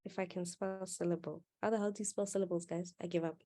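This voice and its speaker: A woman's voice: lowish voice, fairly even intonation, fast talker, mellow. A woman teaching maths in a live online class, playful and teasing with her students. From South Africa.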